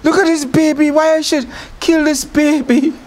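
A man voicing a flustered, excitable young royal woman who keeps exclaiming. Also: high-pitched, moderate pace, voice pushed up, close to an everyday voice. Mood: excited.

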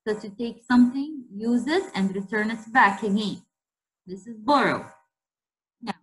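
A woman's voice: fairly high pitch, rough recording. A woman teacher giving a spelling lesson to a class, repeating each word and stopping to ask the class questions. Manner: repeats words slowly and emphatically, asks class questions.

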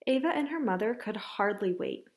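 A woman teacher reading a picture book aloud to children, telling it in an expressive, unhurried way. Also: mid-range voice, a little hiss or hum. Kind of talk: storybook read-aloud. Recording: echoey room.

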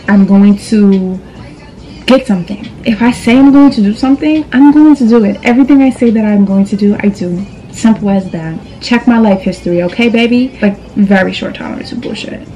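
Young female beauty vlogger, sassy and direct, warm mellow tone, faint room hiss. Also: medium pitch, a little fast, rough recording. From New York. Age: young adult. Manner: sassy, direct, calls viewers girl and boo. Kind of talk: casual makeup tutorial chat. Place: indoors at a vanity.

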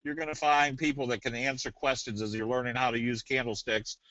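A man presenting a trading webinar in a casual, folksy, joking way with a salesy pitch. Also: level tone, fairly quick, pushed and bright, no echo. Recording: dull dry webinar audio.

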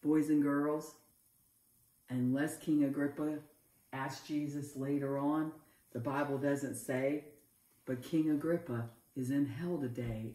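Lady teaching kids a bible story, slow and emphatic, echoey room, mic kinda far. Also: low voice, fairly even intonation, warm tone. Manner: emphatic storytelling, repeats key phrases. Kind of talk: children's Bible story lesson. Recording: roomy echo, mic far off.

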